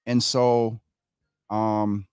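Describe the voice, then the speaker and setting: Here the earnest community talk-show host, animated and calling his audience y'all, offers casual livestream commentary in a lowish, smooth voice with drawn-out words. The recording is dry and clean, studio quality.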